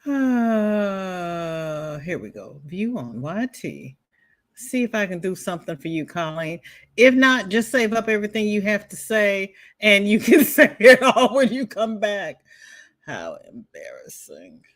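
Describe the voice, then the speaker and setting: A woman's voice: medium pitch, very animated, a little slow. A woman hosting a crochet livestream, chatting casually and greeting viewers by name, with folksy exclamations.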